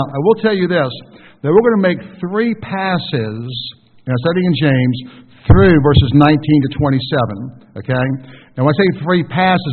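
A man preaching a sermon to his congregation, conversational and full of questions to the listeners. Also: on the high side. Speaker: pastor. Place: church sanctuary. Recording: tinny distant recording with long hall reverb.

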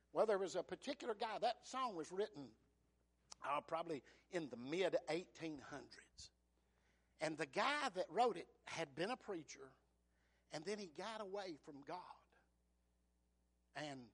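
A male preacher with a drawl and a notably high, light voice. He talks in a folksy, storytelling way and keeps checking in with his listeners for an amen as he preaches. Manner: folksy, asks the congregation "amen?" and retells scripture as lively dialogue. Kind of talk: sermon.

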